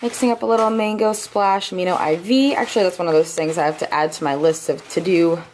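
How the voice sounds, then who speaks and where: A woman's voice: fairly low pitch, fairly even intonation, fast, a little mellow, a little hiss or hum. A woman in her twenties, a fitness vlogger, chatting upbeat and casual to camera on a handheld camera mic. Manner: upbeat, chatty, talks to viewers directly. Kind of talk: casual vlog chat to camera.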